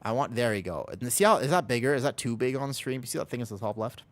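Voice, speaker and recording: A man's voice: medium pitch, expressive, quick pace. A man streaming casually from home, rambling and joking about himself while reading his chat. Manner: rambling, self-deprecating, reads chat aloud. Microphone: desk microphone.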